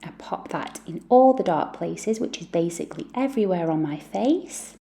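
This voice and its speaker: Gravelly, low-voiced woman chatting makeup. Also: lively intonation, normal speed, warm tone. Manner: chatty and self-deprecating. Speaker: beauty vlogger, mum. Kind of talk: makeup tutorial chat.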